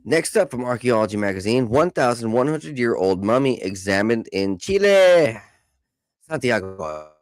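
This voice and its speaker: A male podcast host reads news articles aloud, tossing in casual jokes, tripping over difficult words, and mentioning that he's high. There is no room sound on the recording.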